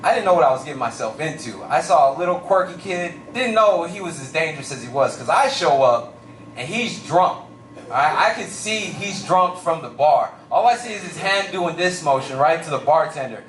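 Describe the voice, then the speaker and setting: A young male stand-up comic with a fairly high voice, spinning an animated story in casual slang. His voice rings around a roomy live venue, picked up from across the room. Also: normal speed, recorded from a distance, slight background noise. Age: young adult. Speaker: stand-up comedian. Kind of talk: stand-up comedy.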